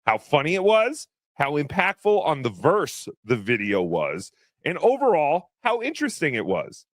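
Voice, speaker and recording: A man's voice: on the high side, wildly swooping pitch, normal speed, no echo, studio quality, voice pushed up. Tukey, a chirpy green puppet voiced by a man. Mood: chirpy, snarky. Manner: chirpy kids-show presenter, mocking. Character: cheery little green puppet pal. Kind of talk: comic puppet bit on a podcast.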